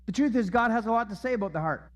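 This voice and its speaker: A man's voice: extremely high pitch, lively intonation, racing, in a large hall. A man preaching a sermon as pastor, emphatic and repeating his key phrases. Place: church auditorium.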